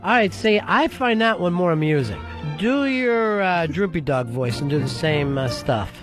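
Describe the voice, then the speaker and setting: A man hosting a talk radio show, teasing and sarcastic, given to quick, punchy rants. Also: sits high, animated, over music. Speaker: radio host. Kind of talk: casual radio chat.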